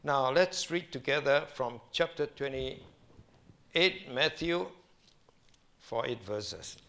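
Slow, emphatic pastor man. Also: medium pitch, animated, fairly bright tone. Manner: slow, emphatic preaching, reads scripture aloud. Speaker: senior pastor. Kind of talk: sermon.

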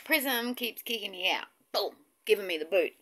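A woman's voice: mid-range voice, lively intonation, normal speed, sharp tone. A woman vlogging in a casual, chatty way, fighting back emotion at times and dropping to a whisper now and then. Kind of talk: casual vlog chat.

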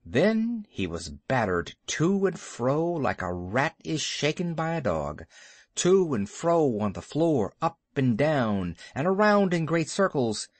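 A man reading a classic story aloud as an audiobook narrator, expressive and lively. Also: a little high, takes it slowly, no room sound.

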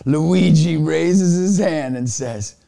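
High-voiced, energetic male motivational speaker. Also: slow pace, gravelly. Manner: energetic storyteller, bursts into shouts. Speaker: youth basketball coach and motivational speaker. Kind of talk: motivational talk to camera.

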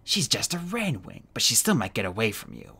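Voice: mid-range voice, sing-song, brisk, vocal fry, slightly rough, full character voice. An audiobook reader voicing Kestrel, a harsh adult female dragon who snaps her words. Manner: sharp, snapping.

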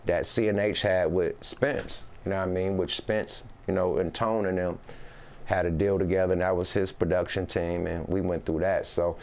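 A man's voice: sits low, steady tone, moderate pace, a little mellow. A man being interviewed as a rapper, talking in a loose, rambling way with Northern California slang and constant "you know what I mean". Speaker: rapper guest. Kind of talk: casual interview chat.

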